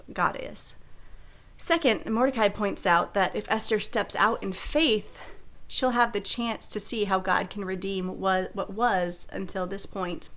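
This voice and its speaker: A woman teaches a Sunday school lesson, retelling a Bible story in a relaxed, conversational way. Her voice sits in a middle pitch with a noticeable vocal fry.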